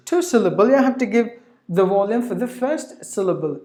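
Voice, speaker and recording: A woman teaching English pronunciation, repeating each word slowly several times with filler sounds between explanations. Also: medium pitch, sing-song, warm tone. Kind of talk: pronunciation lesson. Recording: echoey room.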